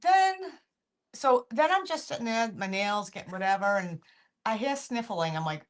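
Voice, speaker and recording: A middle-aged woman co-hosting a chatty podcast, retelling a story with plenty of back-and-forth. Her pitch swings widely as she acts out the people in it. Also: expressive, moderate pace. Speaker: podcast co-host. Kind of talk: casual storytelling chat.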